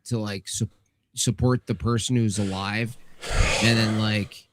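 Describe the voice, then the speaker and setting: A man co-hosting a livestream, telling stories in animated, giggly casual chat. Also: lowish voice, a little slow, heavy background noise.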